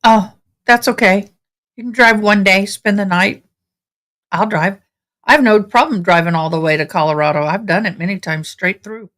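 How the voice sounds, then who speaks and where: On a home livestream, a tired woman chats casually and meanders through her commentary on a trial. Her voice is medium-pitched and a bit bright, and she talks at a normal speed.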